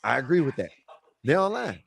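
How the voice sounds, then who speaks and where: A man's voice: medium pitch, very animated, brisk, creaky, breathy edge. A man hosting a casual panel talk, rambling through his point and checking in with his listeners again and again. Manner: rambling, keeps asking "you know what I mean".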